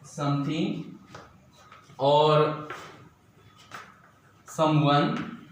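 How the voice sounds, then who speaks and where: A male school teacher with an Indian English accent giving a slow, repetitive grammar lesson in a classroom, drilling pronunciation aloud. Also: high voice, animated, pushed and bright, a little hiss or hum. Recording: echoey classroom, very roomy.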